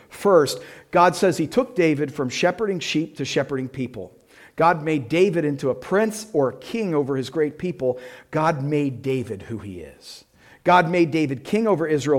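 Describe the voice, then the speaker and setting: Earnest male preacher, fairly high voice. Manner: earnest, shifts between quiet intensity and emphatic bursts. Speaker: pastor. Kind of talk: sermon.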